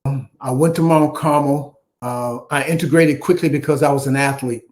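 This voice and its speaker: A man's voice: medium pitch, normal speed. A man in his seventies from Chicago, telling his life story in an interview and acting out each voice in it. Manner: animated storyteller who acts out the dialogue. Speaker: guest, former basketball player.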